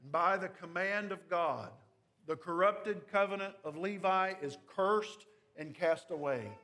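A man's voice: sits high, unhurried, pushed and bright. A man pastor preaching an expository sermon, emphatic, stressing key phrases with wry asides.

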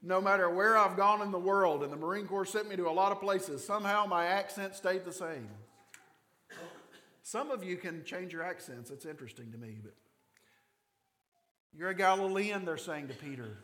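Male pastor, Kentucky mountain accent, slightly higher voice, animated sermon, long hall reverb. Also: fairly quick. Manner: animated storytelling, acts out quoted voices.

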